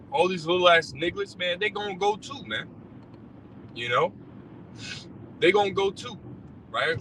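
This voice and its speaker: A man who drives for a rideshare service, ranting bluntly and profanely about scripture, packed with fillers and repeats. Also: on the high side. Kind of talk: casual religious rant. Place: in a car. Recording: distant mic with faint car noise.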